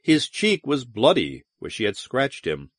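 A man narrating an audiobook with expressive, dramatic storytelling. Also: mid-range voice, measured pace, dry recording, clean studio sound. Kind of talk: scripted narration.

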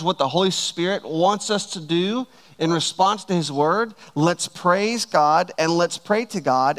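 A man preaching a sermon to his church, slow and emphatic, stretching out key words. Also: fairly high pitch. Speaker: pastor.

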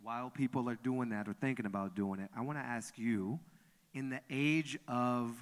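A man moderating a live onstage conversation, talking in a relaxed way to the guest and the audience. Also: medium pitch, moderate pace. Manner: relaxed, brief affirmations, addresses the audience directly. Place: large museum auditorium before an audience. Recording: long hall reverb from a live auditorium.

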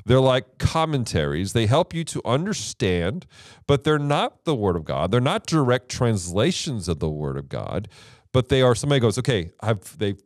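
A man's voice: medium pitch, sing-song, moderate pace, no echo, studio quality. A man hosting a Bible teaching show, explaining translations in a casual, emphatic way with rhetorical questions.

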